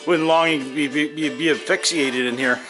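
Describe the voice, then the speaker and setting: A folksy man with an Ontario Canadian accent, talking casually to his viewers while he splits wood and grills in a garage on a cold rural farm. His voice sits a little higher than most men's and drifts as he turns from the camera mic, with music playing behind him. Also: fairly even intonation, normal speed, poor audio. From Northern Ontario, Canada. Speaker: homesteading vlogger. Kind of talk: casual narration while working.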